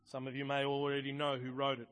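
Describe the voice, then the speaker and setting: A man preaching a sermon, earnest and emphatic, reading scripture and building to forceful passages. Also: medium pitch, monotone, fast talker. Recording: long hall reverb.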